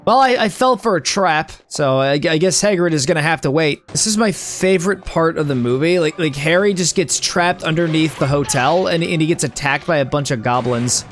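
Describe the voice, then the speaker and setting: A young male streamer riffs through a video game in comedic commentary, stumbling over and repeating his words. His voice swings widely, jumping into loud, high squeals when something surprises him. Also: animated, normal speed, few pauses, faint music behind.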